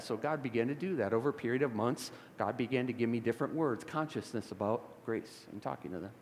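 A man's voice: medium pitch, fast, slight background noise. A middle-aged male pastor from the Chicago area preaching a sermon in a church, shifting from conversational storytelling to fervent emphasis. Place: church sanctuary. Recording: long hall reverb of a church.

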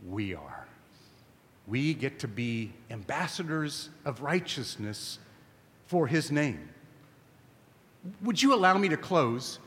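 A man's voice: medium pitch, a bit bright, big-room sound. A man preaching a sermon at a camp meeting, emphatic and conversational, often asking his listeners questions.

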